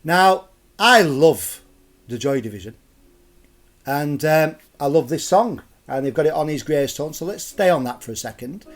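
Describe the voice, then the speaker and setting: A man's voice: a little high, expressive, moderate pace. A middle-aged man hosting a live storytelling stream, chatty, jokey and digressive. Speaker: storyteller and host.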